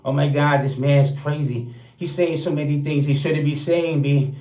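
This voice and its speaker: A livestream host with a slightly high, mellow voice and steady tone delivers a crude, boastful freestyle roast as a rhythmic rap with rhymes, at normal speed. The streaming-setup recording carries a roomy echo.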